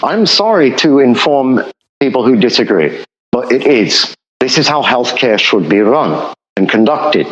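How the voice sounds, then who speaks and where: Passionate male guest who lectures and repeats himself; animated delivery, dull recording. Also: mid-range voice, measured pace, roomy sound. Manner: emphatic, lecturing, repeats for emphasis. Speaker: economist guest. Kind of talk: passionate podcast explanation. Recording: dull lo-fi audio.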